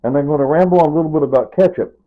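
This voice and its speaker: A man's voice: a little high, very fast. Older man vlogger, rambling and repetitive, near tears at times; thin, phone-like audio. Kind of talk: rambling casual monologue. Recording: tinny phone-like sound.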